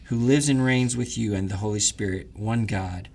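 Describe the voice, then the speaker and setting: A man leading morning prayers, reading the liturgy in a measured, reverent way. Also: fairly low pitch, creaky, darkish tone. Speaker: prayer leader.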